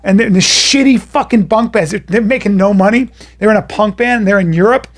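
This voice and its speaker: A man's voice: high-pitched, fast talker. A man hosting a comedy podcast, telling crude stories in a rambling, profane, casual way. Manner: crude, rambling, swears freely.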